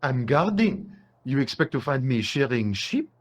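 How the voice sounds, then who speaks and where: A man voicing a grumpy French door guard with a French accent, gruff and sardonic. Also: mid-range voice, very animated, normal speed.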